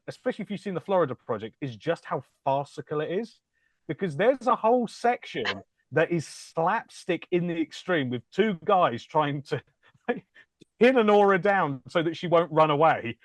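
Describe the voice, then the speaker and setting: A man co-hosting a film-review podcast with an upbeat, jokey way of talking. His voice sits fairly high for a man. The recording is close and dry, with no room sound behind him. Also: very animated, moderate pace, no echo. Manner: enthusiastic, jokey, slips into silly put-on voices. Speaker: film magazine writer and podcast co-host. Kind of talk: casual film-review chat.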